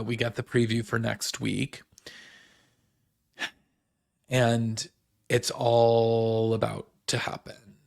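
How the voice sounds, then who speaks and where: A man's voice: medium pitch, gravelly, dry recording, studio quality. A man hosting a casual reality TV recap, rambling with lots of fillers and acting out the cast's lines. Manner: animated, puts on the cast's voices in quotes. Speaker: host.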